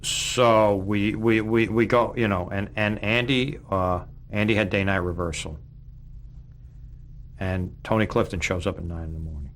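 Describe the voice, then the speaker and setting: Male interviewee, very deep voice, earnest, stammering starts, faint hiss behind. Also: steady tone, unhurried, a bit bright. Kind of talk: anecdotal interview storytelling.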